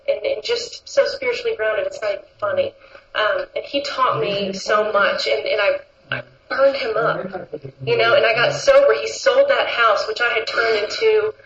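A woman's voice: a little high, slight background noise. A woman giving a personal recovery testimony at a meeting, telling her story with lots of laughter and acting out what others said. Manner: animated storytelling, laughing often, acts out quotes. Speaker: speaker sharing at a recovery meeting. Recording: roomy, slightly dull with faint ambience.

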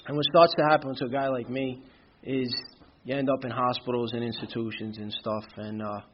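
A man's voice: mid-range voice, little pitch movement, brisk, breathy edge, lo-fi sound. A man giving a candid, rambling personal testimony at a recovery meeting, often saying "you know". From Brooklyn, New York. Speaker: speaker sharing his recovery story.

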